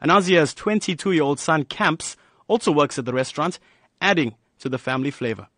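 A man's voice: a little high, expressive, brisk, fairly bright tone, dry recording. A male news reporter narrating a light feature in a polished, upbeat way.

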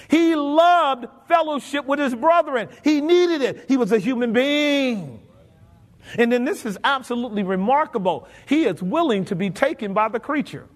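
A pastor preaching a sermon, asking his congregation questions and slipping into folksy, colloquial phrasing. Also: very high voice. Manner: colloquial, drops into folksy grammar. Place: church sanctuary. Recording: long reverb of a church hall.

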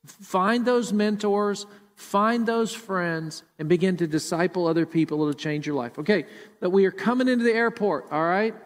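A man's voice: sits high, normal speed, big-room sound. A male pastor delivering a sermon emphatically, often repeating words as he preaches. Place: church sanctuary.

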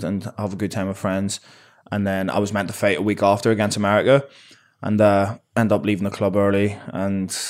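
Young northern irish guy, low voice, pretty flat, loose chatty answers with lots of ums. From Northern Ireland. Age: 20s. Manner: relaxed, rambling with fillers and restarts. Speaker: professional boxer, guest. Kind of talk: casual interview answers.

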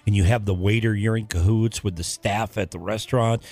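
A man's voice: lowish voice, steady tone, a little fast, darkish tone. A man co-hosting a talk show, bantering casually with a wry, joking manner.

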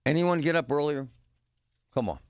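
Gravelly-voiced man joking on radio. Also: fairly high pitch, expressive, normal speed. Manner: joking, rambling, emphatic with punchy exclamations. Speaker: radio show host. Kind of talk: casual talk-radio monologue.

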